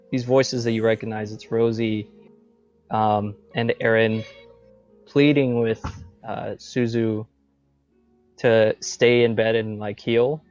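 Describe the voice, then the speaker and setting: A man's voice: on the low side, darkish tone, no room sound, dull audio. A man narrating as a tabletop game master in a loose style, full of fillers like "um" and "like".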